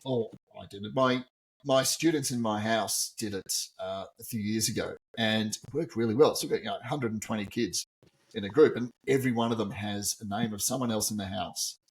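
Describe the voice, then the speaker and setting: A man's voice: fairly low pitch, a little fast. A man teacher co-hosting a podcast, chatting casually and chuckling at his own jokes. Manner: chuckling, joking. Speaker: co-host, teacher.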